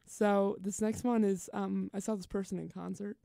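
A young woman chats casually as co-host of a student radio show. She teases and giggles often. Her voice carries a gravelly fry, recorded dry and close. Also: mid-range voice, fairly even intonation, normal speed, mellow, dry recording. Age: young adult. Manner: giggly, teasing. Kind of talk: casual chat.

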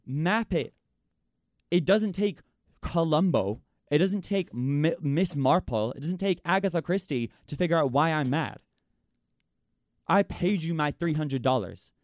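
A man's voice: on the high side, lively intonation, unhurried, no room sound, clean studio sound. Exasperated young man ranting on college radio. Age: young adult. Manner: exasperated ranting, frequent "like" and "it's like". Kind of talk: venting on air.

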